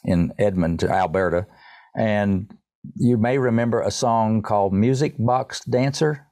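A man's voice: on the low side, a little slow, warm tone, dry recording, studio quality. A man being interviewed, telling a long rambling story about his music and often restarting his sentences. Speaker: songwriter guest.

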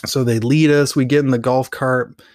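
Brief: male podcast host, rambling and animated storyteller, mid-pitched voice, dry close mic. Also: moderate pace, no room sound. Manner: animated, rambling, frequent fillers. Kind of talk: casual personal storytelling.

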